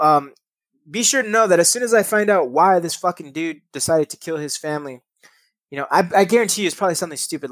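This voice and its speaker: A young man reads news articles aloud on his podcast, breaking off to comment with casual swearing and laugh at his own stumbles. His voice sits a little high for a man, recorded close and dry with no room sound. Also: no echo. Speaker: podcast host.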